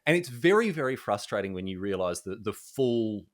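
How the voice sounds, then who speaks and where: A young Australian man, a journalist, telling jokey anecdotes in a casual, animated way. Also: fairly low pitch, moderate pace. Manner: animated, jokey, laughs often. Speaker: journalist guest.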